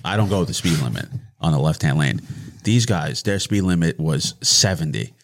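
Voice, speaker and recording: Male co-host from New York, low voice, chatty emphatic storyteller. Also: lively intonation, normal speed, slight background noise. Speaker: podcast co-host. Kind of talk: casual chat.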